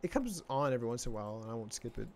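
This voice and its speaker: Young texan guy hosting a podcast, rambles with fillers, mid-pitched voice. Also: sing-song, racing, darkish tone, slight background noise. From Texas. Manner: rambling, many fillers and restarts. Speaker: podcast host. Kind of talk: casual chat.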